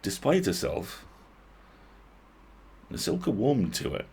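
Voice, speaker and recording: Deep gravelly guy reading a book on stream, husky, lots of expression. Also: sing-song, slow, mellow. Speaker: host reading a book aloud. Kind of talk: livestream storybook reading.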